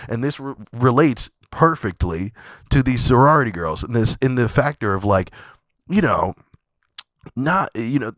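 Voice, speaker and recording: A man with a lowish voice spins a comic story for his podcast, swearing freely and breaking into laughter. His delivery is loose and conversational. The recording is close and dead dry. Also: no echo. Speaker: podcast host. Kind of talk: comedic storytelling.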